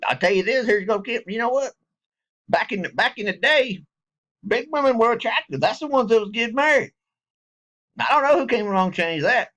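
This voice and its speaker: A man's voice: very high-pitched, lively intonation, a little fast, fairly bright tone. A middle-aged man, talking casually and joking around in a rambling, folksy way to his viewers. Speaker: vlogger. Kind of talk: casual direct-to-camera talk.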